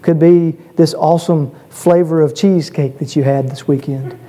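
Man preaching, high voice, mellow tone, earnest, repeats words for emphasis, builds to emphatic peaks. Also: steady tone, moderate pace. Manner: repeats words when stressing a point. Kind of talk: sermon.

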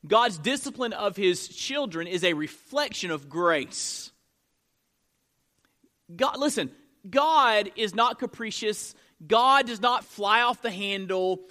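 A man's voice: high voice, lively intonation, slow, bright, forceful tone. A man preaching a sermon, asking the congregation rhetorical questions and using frequent fillers and restarts. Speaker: pastor.

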